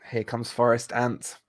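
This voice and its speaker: Male streamer, casual, chatty, reads chat aloud, mid pitch, dry close sound. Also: no room sound. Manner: chatty, reads out viewer comments, jokey banter. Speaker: livestream host reading chat. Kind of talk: casual late-night live stream chat.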